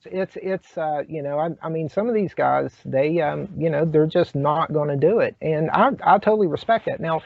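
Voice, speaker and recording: A man hosting a casual talk show, speaking haltingly with many fillers and restarts. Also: fairly high pitch, vocal fry, no echo. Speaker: host. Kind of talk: casual chat. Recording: dry, dull lo-fi sound.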